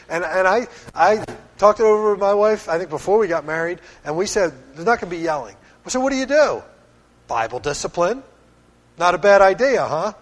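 A middle-aged man from Pennsylvania preaching a sermon as pastor, earnest and firm in a conversational way. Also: high-pitched. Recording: long hall reverb.

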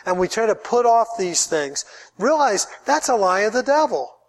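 A man's voice: sits high, very animated, moderate pace. A man, a pastor, preaching a sermon in an earnest way, often repeating words as he builds his point.

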